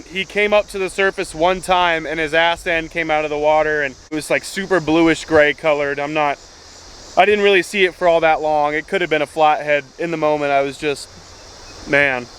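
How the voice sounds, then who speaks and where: A young man giving excited, breathless running commentary as he fights a fish by a river outdoors. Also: on the high side, normal speed, slight background noise, low-quality recording. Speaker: fishing vlogger. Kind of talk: live fishing commentary.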